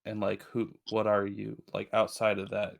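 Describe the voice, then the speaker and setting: Man playing a chatty bird-person, eager and rambling, low and flat. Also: moderate pace, vocal fry. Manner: eager, rambling, restarts mid-sentence. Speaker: player. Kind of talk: playing a tabletop game in character.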